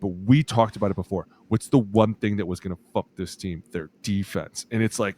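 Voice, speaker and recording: A man's voice: on the low side, brisk, hardly any pauses. A man co-hosting a football podcast, telling stories in casual profane chat and acting out quotes. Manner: profane, storytelling, acts out quotes. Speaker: podcast co-host, former lineman.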